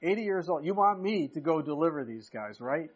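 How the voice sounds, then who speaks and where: A man in his fifties preaching a sermon in a relaxed, conversational way that jumps into emphatic bursts. His voice is slightly husky and a bit high for a man. The recording sounds muffled. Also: fairly quick. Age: 50s. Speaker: pastor.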